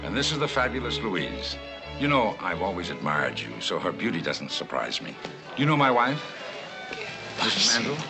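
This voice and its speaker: A suave courtly governor. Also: male voice, low-pitched, huge pitch swings, moderate pace, gravelly, full character voice, low-quality recording. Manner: courtly, gallant compliments. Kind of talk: 1960s film acting. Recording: film soundtrack with music.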